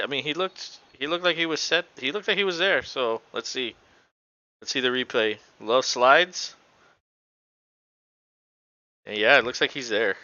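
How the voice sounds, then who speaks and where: A man's voice: mid-range voice, bright, forceful tone, no echo, muffled recording. A man casually calling live basketball play-by-play for a podcast, rambling and swearing with lots of fillers. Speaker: podcast co-host.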